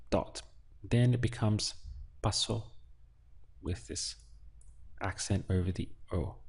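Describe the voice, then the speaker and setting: A male teacher walks through a language lesson, slow and patient, pausing to quiz the listener. His voice sits low with a gravelly, husky edge. He speaks close to the mic. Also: darkish tone. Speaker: Spanish teacher.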